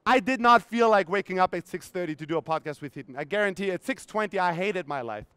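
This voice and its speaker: A man's voice: high-pitched, animated, fast talker, fairly bright tone, clean tone, dry recording. A man in his thirties giving a blunt, profane motivational talk on a conference stage, acting out his own inner voices, his voice strained. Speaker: keynote speaker.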